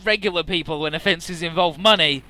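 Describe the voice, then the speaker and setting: A man voicing a hot-headed, greedy young man who rants loudly in exasperation. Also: on the high side, brisk. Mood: furious. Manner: loud, ranting, exasperated.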